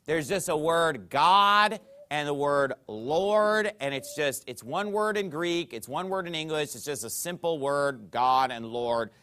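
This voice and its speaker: A pastor preaching a teaching sermon to his congregation, walking them through a chart and checking in with frequent "okay?" asides, swinging between emphatic loud phrases and quiet ones. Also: a little high, expressive, measured pace, slight background noise.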